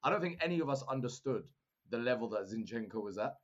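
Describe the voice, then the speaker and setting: Lo-fi man, animated slangy banter. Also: mid-range voice, fast talker. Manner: animated banter, slangy, jokey put-on voices. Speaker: podcast guest. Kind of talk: casual football chat.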